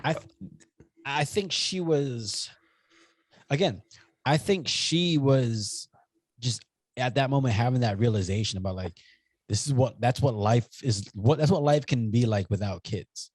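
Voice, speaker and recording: A young man co-hosting a podcast in casual chat, telling rambling, animated stories and swearing freely. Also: medium pitch, measured pace, slightly rough, no echo. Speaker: podcast co-host.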